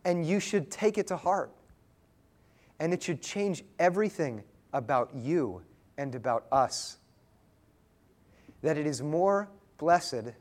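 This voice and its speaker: A man preaching a sermon as pastor, earnest and tender, slow when he tells a story. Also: mid-range voice, darkish tone.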